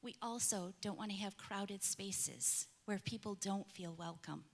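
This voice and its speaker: A woman speaking slowly and earnestly to her congregation at a church meeting. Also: mid-range voice, gravelly. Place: large church sanctuary. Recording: echoey hall, long reverb.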